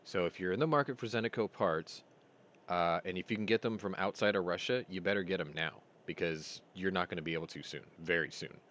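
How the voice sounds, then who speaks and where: Male host, low voice; loose conversational storyteller who replays dialogue. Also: fairly quick, fairly bright tone. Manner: rambling storyteller, retells dialogue. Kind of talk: casual chat.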